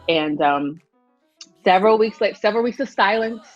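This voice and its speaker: A young woman with a low voice and deep tones in it tells her story earnestly in a casual interview, slipping into lively quoted voices. The recording is dull and lo-fi. Faint music plays behind her. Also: moderate pace. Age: young adult. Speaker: singer guest.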